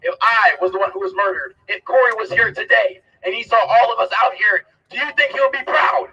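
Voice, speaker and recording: A man speaking at a rally, shouting rhetorical questions at the crowd. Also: sits high, fairly quick. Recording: distant, muffled, noisy livestream audio.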